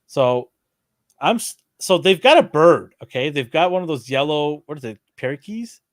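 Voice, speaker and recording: Animated man telling a story. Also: medium pitch, a little fast, no room sound, studio quality. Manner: animated, laughing, acts out quotes. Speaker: podcast co-host. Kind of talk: casual storytelling chat.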